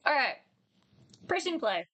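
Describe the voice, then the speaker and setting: Woman, livestream host, crude teasing chat, bright voice, dry close mic. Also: high voice, big pitch swings, slow pace, no room sound. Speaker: streamer host. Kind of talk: casual livestream reaction chat.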